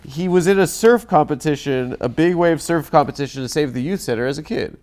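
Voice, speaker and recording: A man hosting a comedy talk show, deadpan and halting, with a cold. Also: fairly high pitch. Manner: deadpan, halting, stumbling on purpose. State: has a cold. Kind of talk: deadpan comedy chat and ad read.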